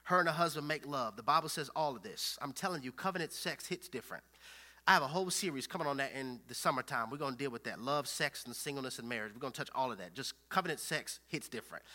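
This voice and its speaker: A young man preaching a sermon, dropping to hushed whispers and rising to loud shouts, acting out scripture scenes with lively dialogue. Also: fairly high pitch, brisk. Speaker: pastor.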